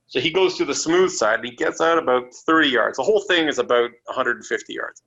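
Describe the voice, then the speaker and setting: Animated storytelling man, bright voice. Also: medium pitch, fast talker, vocal fry, few pauses. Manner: animated, acts out voices in his stories; swears freely. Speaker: wrestler guest. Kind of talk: casual storytelling. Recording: dull lo-fi podcast audio.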